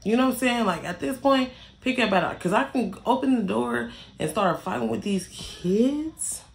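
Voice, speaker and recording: A woman's voice: fairly high pitch, expressive, normal speed, gravelly. A young woman telling a storytime in a casual, irritated rant, blunt and heavily profane, repeating phrases for emphasis.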